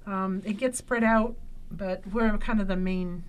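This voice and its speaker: A woman who works at a food pantry, speaking earnestly and warmly as a radio guest. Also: medium pitch, steady tone, a little slow, a little hiss or hum.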